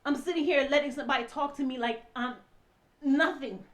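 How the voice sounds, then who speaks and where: A woman telling her own painful story through tears, impassioned, dropping to a hush and then rising to forceful outbursts. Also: high voice, a little fast. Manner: impassioned, swinging from hushed to loud and forceful. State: crying. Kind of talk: emotional personal testimony.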